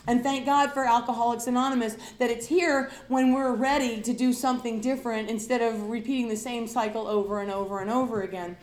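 A woman's voice: on the high side, fairly even intonation, brisk, few pauses, a little mellow, echoey room. A woman sharing her own story of alcoholism and recovery with an audience, candid and confessional, emphatic and dramatic as she acts out her past self. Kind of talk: personal recovery talk to an audience.

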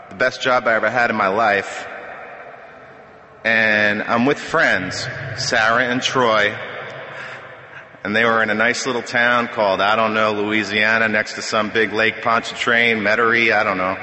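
A middle-aged man sharing his recovery story at a meeting podium, wry and self-deprecating, with halting restarts. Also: on the low side, sharp tone. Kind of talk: personal testimony at a podium. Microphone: podium microphone. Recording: echoey hall reverb.

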